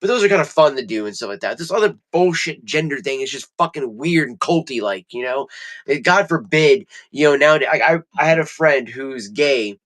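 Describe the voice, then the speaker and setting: A man's voice: medium pitch, animated, normal speed, a bit bright. Profane rambling male livestreamer. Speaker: livestream host. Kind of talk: casual livestream rant. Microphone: studio mic.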